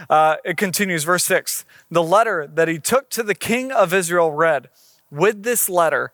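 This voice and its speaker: High-voiced man preaching conversationally. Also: a bit bright, dry recording, studio quality. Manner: conversational preaching, reading scripture aloud with acted quotes. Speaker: pastor. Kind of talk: sermon.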